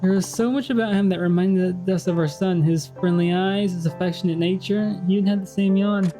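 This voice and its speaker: A streamer reading game dialogue aloud, voicing a gentle, grieving older father who tells his story softly and sorrowfully. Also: mid-range voice, fairly even intonation, brisk, faint music behind, natural voice, rough recording. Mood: tender.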